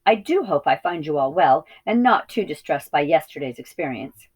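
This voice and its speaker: A woman voicing a gentle, earnest young piglet who speaks very politely in a storybook reading. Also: low voice, expressive, normal speed, husky. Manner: very polite, soft-spoken.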